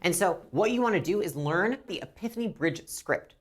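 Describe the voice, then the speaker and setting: A business instructor with a fairly low, slightly rough voice teaches a lesson at a moderate pace. She's blunt and animated, swearing casually and sometimes acting out lines from customers and reps.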